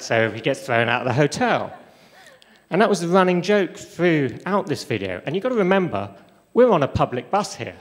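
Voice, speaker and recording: A middle-aged man on stage, telling funny, self-deprecating stories in a reverberant lecture hall. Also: mid-range voice. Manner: humorous, self-deprecating storytelling. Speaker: speaker. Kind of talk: storytelling talk on stage.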